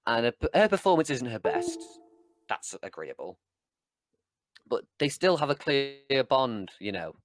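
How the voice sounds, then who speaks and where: A man's voice: mid-range voice, big pitch swings, no echo. Blunt, sweary young man on a dry mic. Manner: blunt, sweary, retells scenes with quick put-on voices. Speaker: podcast co-host. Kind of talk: casual chat, episode review.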